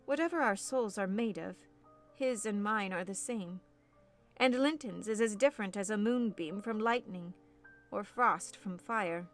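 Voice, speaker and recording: A woman's voice: medium pitch, measured pace, soft background music, close to an everyday voice. A woman reading as a passionate, headstrong young woman in an audiobook, speaking in an impassioned, declamatory way. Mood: wistful.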